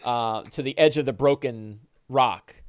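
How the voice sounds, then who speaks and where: Male dungeon master, mid-pitched, animated narration with fillers, dry close mic. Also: unhurried, clear, resonant tone, dry recording, highs cut off. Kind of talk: narrating a tabletop game.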